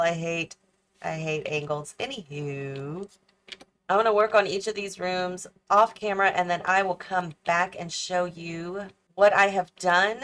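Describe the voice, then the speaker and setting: Her voice is lowish, steady and fairly bright, and she takes her time. As host of a gaming channel, she yawns and sounds tired while building an in-game house, casually thinking aloud and questioning what she picks.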